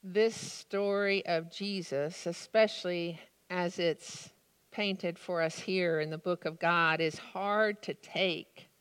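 A woman's voice: on the low side, steady tone, takes it slowly, clean tone. A woman preaching a sermon, reading a story and then reflecting on it in an earnest, thoughtful way. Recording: long reverb of a large room.

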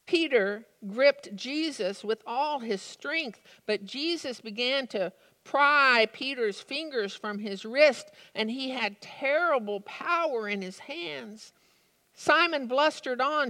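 A woman's voice: high voice, animated, takes it slowly, bright, forceful tone. A woman preaching a sermon, reading a story and then reflecting on it in an earnest, thoughtful way. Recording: long reverb of a large room.

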